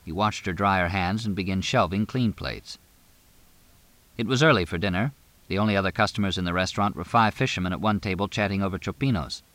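Low, dry-sounding man narrating a novel at a steady, measured pace. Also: no echo. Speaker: audiobook narrator. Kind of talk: scripted narration.

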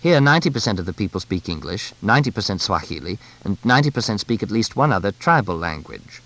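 A man's voice: fairly low pitch, sing-song, fast, fairly bright tone, heavily acted. A man voicing a jovial, breezy middle-aged bush pilot who has settled in Kenya, in an audiobook. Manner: chuckling, breezy, expansive.

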